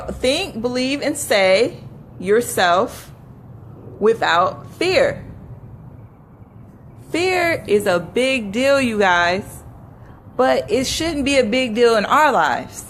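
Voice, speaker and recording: A woman with a somewhat high voice leads a live motivational talk. She repeats short affirmations with earnest, coaching conviction, laughs easily, and speaks to her viewers by name. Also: fairly bright tone, slight background noise, poor audio.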